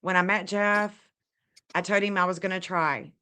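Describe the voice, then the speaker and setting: A woman's voice: medium pitch, fairly even intonation, moderate pace, sharp tone, clean tone. A woman receiving a reading, talking candidly and confessionally about herself in casual chat.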